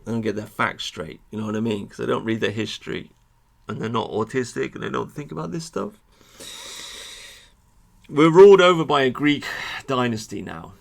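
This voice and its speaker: A man giving an animated, sweary monologue to his viewers about history, with frequent asides. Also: fairly low pitch, brisk, gravelly, few pauses. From England. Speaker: history vlogger. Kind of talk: ranting monologue to camera.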